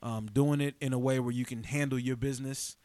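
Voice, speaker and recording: A man's voice: medium pitch, fairly quick, dry recording. A man in his late thirties, a podcast co-host and comedian, telling stories in casual chat and acting out the characters in them. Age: late 30s. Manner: animated storyteller who acts out characters.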